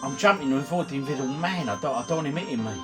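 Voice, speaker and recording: A man's voice: mid-range voice, expressive, very fast. A man, a few beers in, chatting and bantering casually while he plays retro games at home. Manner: chatty, jokey banter, commentating while playing. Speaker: retro gaming vlogger. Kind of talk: casual gaming vlog chat. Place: at home, indoors. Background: game music.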